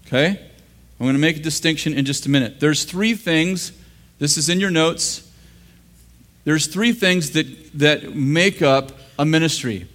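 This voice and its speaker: An American man preaching a sermon in a church, joking with the congregation and laughing at his own lines. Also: fairly high pitch. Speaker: pastor. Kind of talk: sermon teaching.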